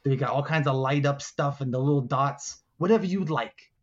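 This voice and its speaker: A man's voice: medium pitch, normal speed, highs cut off, lightly acted. A man doing a scheming alligator boss. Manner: sly, hammy villain bluster.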